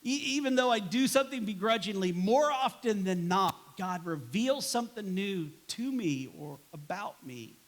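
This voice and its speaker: This man's high-pitched, expressive voice moves at a moderate pace with hardly any pauses. Preaching as a church pastor, he talks casually and conversationally, voicing quoted replies with a sigh and a grumble to drive home each point.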